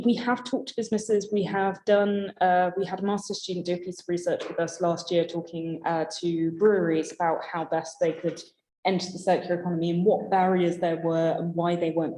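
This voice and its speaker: Hoarse woman answering in an echoey room. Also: on the low side, mellow, slight background noise. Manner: earnest, thinking aloud with restarts. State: losing her voice. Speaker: guest presenting to council committee. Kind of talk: formal meeting answer.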